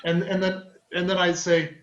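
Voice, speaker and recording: A man from Canada in his forties talks casually as a guest on a chat show, spinning stories. His voice sits on the higher side, and the room around him rings with echo. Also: monotone, dull audio. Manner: chatty storyteller, does quick voices. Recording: roomy echoey sound.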